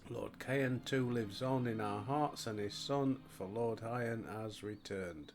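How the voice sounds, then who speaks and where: A man's voice: medium pitch, slow, a little mellow, faint music behind. Yorkshire man voicing a defiant rebel retainer.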